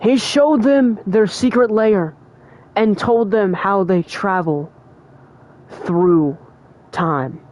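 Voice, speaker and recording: Excitable young adult streamer, chatty. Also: mid-range voice, extremely slow, pauses often. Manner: emotional and excitable, heavy on fillers like "like" and "bro". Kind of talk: casual livestream chat.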